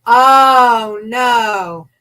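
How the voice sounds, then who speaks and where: A woman's voice: on the high side, extremely slow, pushed and bright, rough recording. A woman hosting an interview, reacting to a guest's story with short sympathetic interjections.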